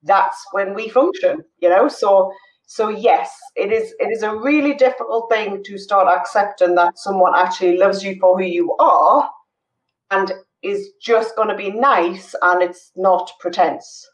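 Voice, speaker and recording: Woman co-host, mid pitch, earnest and halting, distant echoey mic. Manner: earnest, halting, searching for words. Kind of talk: casual chat.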